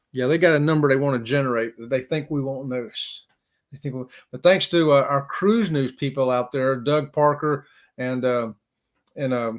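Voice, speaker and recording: A man's voice: a little high, a bit bright. A man hosting a casual live stream, rambling and chuckling as he talks to viewers by name.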